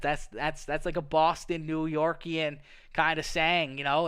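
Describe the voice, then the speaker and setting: A man's voice: fairly high pitch, level tone, a little slow, fairly bright tone, smooth. A Canadian man with a Canadian accent, hosting a casual livestream chat in a playful manner, tacking "okay" onto his lines and laughing often. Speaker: livestream host. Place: home streaming setup.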